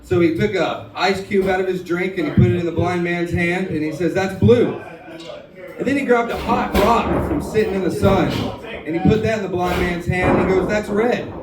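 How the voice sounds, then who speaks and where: Self-deprecating comic in a bar. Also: male voice, high voice, normal speed, music in the background. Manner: self-deprecating, drawling joke delivery. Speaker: stand-up comedian. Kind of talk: stand-up comedy set. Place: bar stage. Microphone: handheld stage mic. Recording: echoey bar from far off with crowd.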